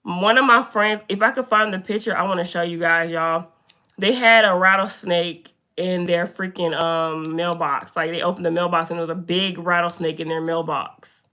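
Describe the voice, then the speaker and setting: A young woman livestreams casually from an indoor room, greeting viewers by name and chatting animatedly with them. Her bright, crisp voice is fairly low-pitched and moves at normal speed.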